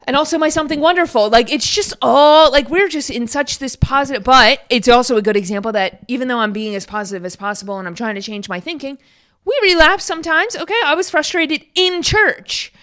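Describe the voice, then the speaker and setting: A woman in her twenties hosting a podcast, rambling in casual chat full of fillers, her pitch jumping when she gets excited. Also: a little fast. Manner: chatty, rambling storyteller with many fillers. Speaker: podcast host.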